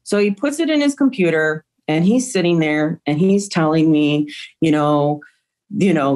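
Middle-aged woman recounting, low-pitched. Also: normal speed, a little mellow. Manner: emotional retelling, acts out quoted dialogue. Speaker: mother of the deceased, interviewee. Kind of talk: recounting events in an interview.

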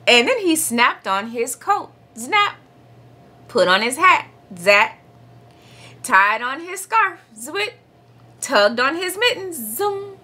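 Bright, animated woman reading to kids. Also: fairly high pitch. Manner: playful and animated, with sound-effect words. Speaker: storytime reader. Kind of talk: children's read-aloud.

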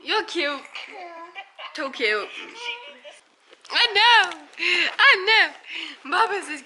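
A woman's voice: extremely high pitch, expressive, extremely slow, pauses often, pushed and bright. A young woman in her late teens, a mother filming a casual home vlog and talking to her baby in sing-song baby talk, indoors at home on a handheld camera.

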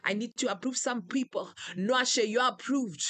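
Fervent high-voiced woman preacher, dry sound. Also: moderate pace, hardly any pauses, a bit bright, dry recording. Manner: fervent, chanting names and declarations; repetitive, rhythmic calls. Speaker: preacher leading online prayer. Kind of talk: live-streamed prayer session.

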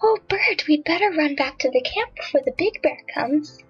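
A woman voicing an excitable, easily frightened young girl in a children's audiobook. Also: high-pitched, moderate pace. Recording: dull lo-fi audiobook with faint music.

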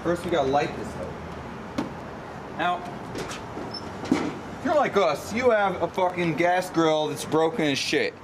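A young man runs a crude, swear-laden cooking demo in a brash, instructional rant. His voice sits a little high. It is an echoey home-video recording with clear noise behind him. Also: expressive, slow pace, long pauses. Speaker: cooking show host. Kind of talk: profane comedic cooking demo. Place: kitchen and backyard grill.

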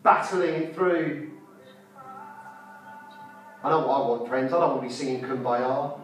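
A man's voice: medium pitch, measured pace. A man preaching a fervent sermon at a conference, repeating his phrases and putting rhetorical questions to the audience. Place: conference hall. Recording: echoey hall, mic from far off, faint music.

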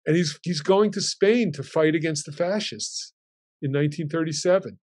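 A man in his sixties with a voice pitched a little high for a man, talking as a guest. He tells family stories casually and with energy. He slips into his relatives' lines as he tells them. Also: moderate pace. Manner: animated, acting out relatives' lines in the telling.

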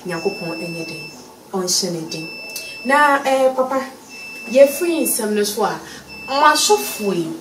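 A Ghanaian woman interviewing a guest, prompting him and giving soft affirmations. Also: medium pitch, expressive, measured pace, echoey room, distant mic, background noise. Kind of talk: street interview.

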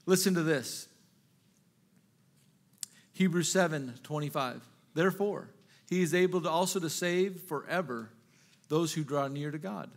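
This high-voiced male pastor preaches unhurriedly, leaving long pauses. His impassioned sermon swings from loud rhetorical questioning to soft asides, and he repeats phrases and restarts sentences.

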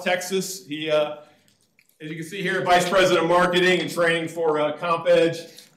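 A man's voice: on the high side, a bit bright, roomy sound, low-quality recording. A man in his fifties, a retired serviceman turned financial advisor, giving a chatty, joking seminar talk to a live audience in a meeting room. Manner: chatty, joking, self-deprecating. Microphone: room mic or no mic.

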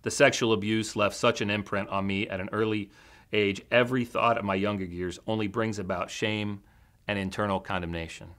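A man preaching a sermon as a teaching pastor in a church, with an earnest, measured storytelling delivery. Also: lowish voice, fairly even intonation, a bit bright.

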